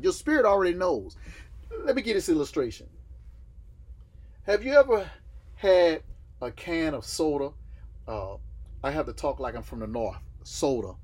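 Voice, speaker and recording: A man teaches a Bible class, often stopping to ask his listeners questions and then answering them himself. His voice sits a little high and is husky, and his pitch swings up and down a great deal as he explains each verse. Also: darkish tone. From Southern United States.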